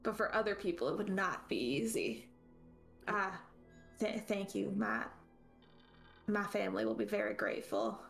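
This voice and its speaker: A woman playing a tabletop role-playing game, talking chattily with quick laughing asides. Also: medium pitch, sing-song, gravelly, faint music behind. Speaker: player. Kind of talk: casual tabletop play.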